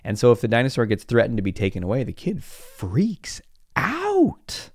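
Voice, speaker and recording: A man's voice: mid-range voice, moderate pace, dry recording, clean studio sound. A middle-aged man, a psychologist, telling stories in a podcast monologue, acting out scenes and laughing often. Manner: animated storytelling, acts out scenes, laughs often.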